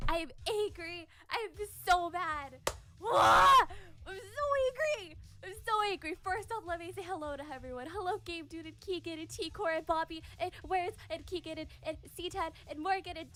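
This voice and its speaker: High-voiced woman streamer, mock-angry. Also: a bit bright. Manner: swears, greets chat viewers by name, exaggerated anger. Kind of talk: casual live-stream chat.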